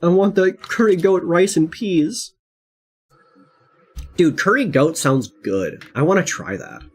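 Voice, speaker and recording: Lively rambling streamer chatting while gaming. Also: a little slow, breathy edge. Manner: rambling, animated, laughs often; reads game text in a low flat tone. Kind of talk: casual chat while gaming.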